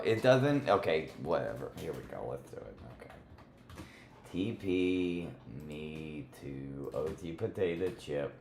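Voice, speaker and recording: A man with a lowish, slightly mellow voice livestreams a game, chatting playfully and teasing his viewers. The recording has a roomy echo, faint music, and slight background noise.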